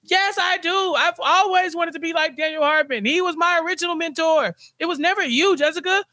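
A man putting on a petulant middle-aged lawyer who whines in a shrill, strained, very high voice. He sounds defensive and self-pitying, and the sound is dry and close. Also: a little fast, pushed and bright, dry recording. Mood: whiny.

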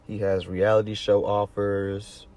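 A man's voice: fairly low pitch, level tone, measured pace, a little mellow. A man from the Southern US with a Southern accent, giving rambling, profane casual commentary full of restarts. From Southern US, Atlanta. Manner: rambling, profane, many restarts, laughs easily. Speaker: commentary vlogger.

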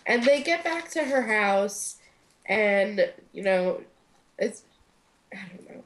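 A woman's voice: mid-range voice, lively intonation, slow pace, slight background noise. A young woman co-hosting a podcast, chatting casually as she recaps a TV episode, with lots of fillers and acted-out quotes. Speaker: podcast co-host.

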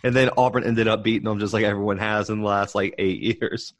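A young man, a podcast co-host in casual sports chat, talking in animated, worked-up rants at a desk microphone. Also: on the low side, a little fast, no room sound. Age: young adult. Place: home setup, rolling desk chair.

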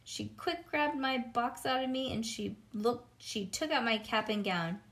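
A woman reading a children's storybook aloud in a lively, childlike first-person narration. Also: on the high side, a little slow. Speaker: reader.

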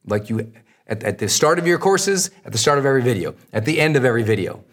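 A man's voice: medium pitch, expressive, quick pace. Male podcast host, coaching style, emphatic and repetitive, mid-range voice. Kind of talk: solo podcast answering listener questions.

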